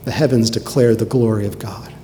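A man's voice: fairly low pitch, fairly even intonation, fairly quick, mellow. Fervent male preacher in reverberant hall. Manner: fervent, emphatic preaching with dramatic repetition. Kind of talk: sermon. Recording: long hall reverb, faint noise.

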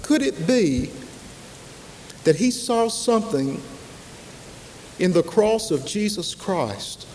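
A man preaching a sermon, slow and emphatic, with dramatic pauses and repetition. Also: high-pitched, sing-song, darkish tone. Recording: long hall reverb, faint hiss.

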